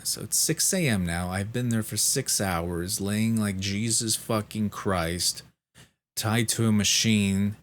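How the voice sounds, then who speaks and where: A man vlogger telling a story in a casual monologue, frank, exasperated and heavily profane. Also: lowish voice.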